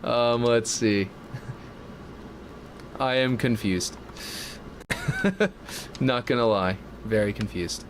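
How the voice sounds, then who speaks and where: A man's voice: medium pitch, very slow, pauses often, noisy background. A man streaming a game map build live, chatting casually and thinking aloud in a self-mocking way.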